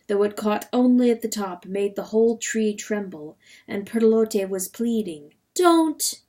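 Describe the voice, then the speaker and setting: Woman narrator for a dramatic book reading, slow and measured, mid-pitched. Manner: measured, expressive.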